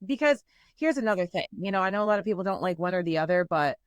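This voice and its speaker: A woman's voice: fairly low pitch, expressive, quick pace, clear, resonant tone, dry recording. Chatty woman podcast host, dry sound. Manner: chatty, rambling, filler-heavy with lots of "like" and "you know". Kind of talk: casual chat.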